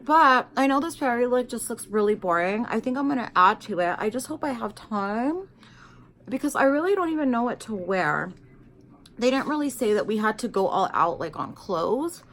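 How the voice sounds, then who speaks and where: A woman's voice: on the high side, normal speed, a little hiss or hum. A woman vlogger chatting casually while doing makeup, telling a story animatedly and saying "like" and "you guys" a lot. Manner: animated storyteller, acts out quoted people; filler-heavy, says "like" and "you guys".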